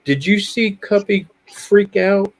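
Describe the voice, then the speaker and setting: A man in his fifties hosting a live stream. He chats casually and easygoing, and he laughs his way through animated stories. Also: sits high, slow pace. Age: 50s. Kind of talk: casual chat.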